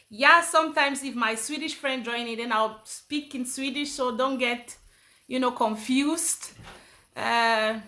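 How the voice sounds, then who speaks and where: A woman from Cameroon hosting her own live stream, chatting casually and greeting viewers by name as they join. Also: sits high. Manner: chatty and warm, switching between English and Swedish, greeting commenters by name. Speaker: channel host on a live stream.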